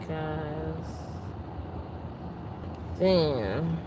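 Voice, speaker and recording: A woman's voice: low-pitched, extremely slow, heavy background noise. A woman hosting a casual livestream, chatting and venting while greeting viewers by name. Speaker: livestream host.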